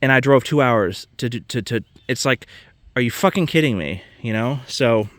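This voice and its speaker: A man's voice: medium pitch, lively intonation, moderate pace, a bit bright, no echo. A man ranting casually to camera, exasperated and swearing freely about private car sellers. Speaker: vlogger.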